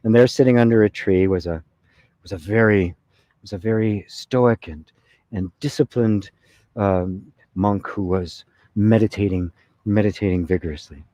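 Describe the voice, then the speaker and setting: A man's voice: fairly low pitch, normal speed, no echo. A man giving a conversational satsang talk as spiritual teacher, often checking with "right?". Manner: conversational, with frequent "right?" and soft laughs.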